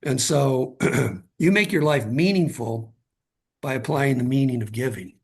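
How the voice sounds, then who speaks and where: A man's voice: medium pitch, measured pace, gravelly, darkish tone, husky. A middle-aged man, a guest author, earnestly telling a personal story in conversation and often repeating words as he starts a thought.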